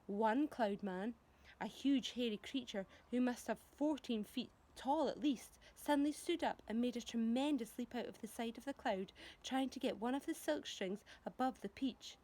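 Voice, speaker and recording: A woman teacher reading a children's book aloud, expressive, with dramatic pauses. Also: on the high side. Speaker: primary school teacher.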